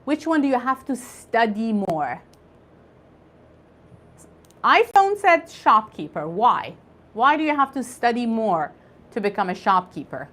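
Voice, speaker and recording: A woman's voice: on the high side, very animated, measured pace, pauses often, a bit bright. A woman teaching an online English conversation class, patiently spelling out words and drilling pronunciation.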